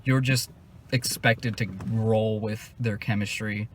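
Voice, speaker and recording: A man's voice: fairly low pitch, steady tone, slow pace, slight background noise. A young man hosting a casual movie review chat, laughing often and swearing freely.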